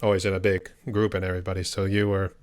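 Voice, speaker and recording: Brief: male podcast host, low voice, dry close sound. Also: fast, no echo. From Pittsburgh, USA. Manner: relaxed, curious questions. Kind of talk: casual interview chat.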